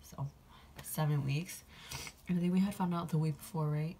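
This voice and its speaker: A young woman tells a personal story to her camera in a low, gravelly voice, rambling with plenty of fillers and getting emotional. Her tone is dark and mellow, and a faint hum of room ambience sits behind her. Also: steady tone, moderate pace. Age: young adult. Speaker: vlogger.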